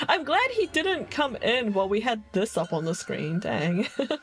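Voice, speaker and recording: A woman with a noticeable accent chats casually on a game stream, giggling constantly as she answers her chat. Her voice sits a little high and swings widely in pitch. She takes her time with her words while faint game music plays behind her. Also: big pitch swings, measured pace, rough recording. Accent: non-standard accent.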